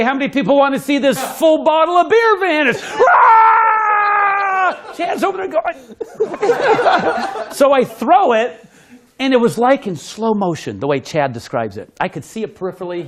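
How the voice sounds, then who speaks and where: Man, high voice, very animated, laughing storyteller, acts out quotes, magician. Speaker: magician telling stories.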